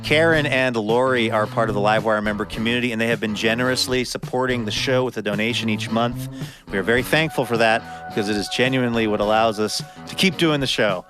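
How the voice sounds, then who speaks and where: A man hosting a radio show, introducing acts and reading thanks and sponsor messages in a friendly, measured way. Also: medium pitch. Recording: radio studio voice with music underneath.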